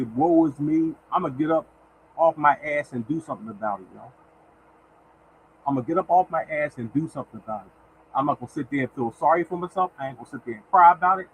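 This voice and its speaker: In poor audio with slight background noise, a man with a fairly high, fairly bright voice hosts a casual motivational livestream. Giving lottery picks, he talks repetitively and exhortatively, addressing listeners as "y'all" and now and then thanking chatters by name.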